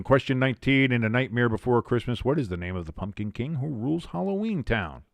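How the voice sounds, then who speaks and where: A man's voice: mid-range voice, lively intonation, a little fast, creaky, few pauses, no echo. A man hosting a sports watch-along stream, chatting casually between play-by-play calls, rambling with fillers, restarts and casual swearing.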